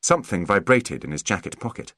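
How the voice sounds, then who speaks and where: A man with a lowish voice narrates a scripted audiobook, measured and expressive as he tells the story. The recording is dry and of studio quality.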